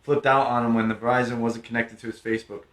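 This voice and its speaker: A man's voice: mid-range voice, flat delivery, fast talker, fairly bright tone. A man co-hosting a podcast, chatting casually, swearing and reading out viewer comments. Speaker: podcast co-host. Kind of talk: casual chat. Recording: roomy echo.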